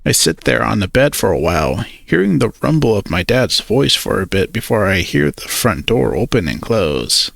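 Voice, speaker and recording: A man's voice: lowish voice, big pitch swings, normal speed, gravelly, hardly any pauses, fairly bright tone, dry recording. A man narrating a first-person story, hesitant and awkward in his character's lines.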